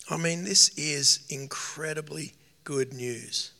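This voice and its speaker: A man's voice: fairly high pitch, steady tone, bright, forceful tone. Earnest male preacher in a reverberant hall. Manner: earnest, emotional, slow emphatic phrasing. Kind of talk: sermon.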